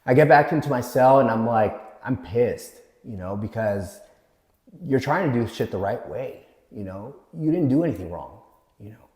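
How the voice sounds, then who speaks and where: A man's voice: medium pitch, lively intonation, moderate pace, darkish tone. A man candidly telling his own life story as a guest, blunt and swearing freely while he acts out what others said. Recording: echoey room with long reverb.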